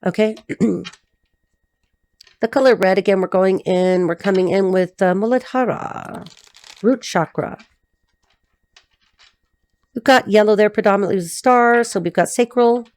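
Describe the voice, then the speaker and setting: A woman giving a tarot reading, talking in a blunt, rapid, repetitive stream of consciousness. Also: medium pitch, darkish tone, dry recording. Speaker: tarot reader.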